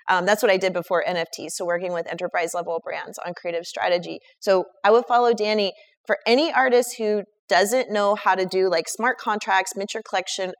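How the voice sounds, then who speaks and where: Enthusiastic woman giving casual advice. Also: mid-range voice. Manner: enthusiastic, emphatic, recommends people one by one.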